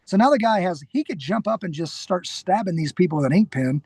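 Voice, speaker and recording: A middle-aged man with a high, gravelly voice tells stories animatedly as a podcast guest. He acts out what people said and keeps restarting sentences. The sound is dry and close, with no room echo. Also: a little fast. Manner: animated, acts out quoted lines, frequent restarts. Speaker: podcast guest, security trainer. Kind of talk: casual interview storytelling.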